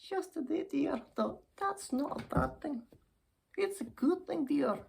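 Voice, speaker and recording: A woman's voice: expressive, measured pace, vocal fry, darkish tone, a little hiss or hum, exaggerated voice. A woman voicing a giddy old Scottish lady puppet. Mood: giddy, excited. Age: 60s. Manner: high fluttery voice, calls everyone dear. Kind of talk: ventriloquist comedy act.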